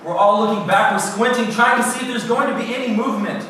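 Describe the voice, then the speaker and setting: A man youth pastor preaching a dramatic first-person sermon, with vivid retelling that swings from hushed to loud. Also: high voice, quick pace. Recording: very echoey hall, voice from a distance, faint noise.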